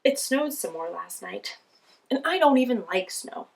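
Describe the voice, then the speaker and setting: A woman's voice: a little high, animated, unhurried, vocal fry, pitched above the performer's own voice. A woman voicing a grumpy little penguin who complains about everything while reading a children's book aloud. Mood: grumbling. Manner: whiny, fed-up grumbling.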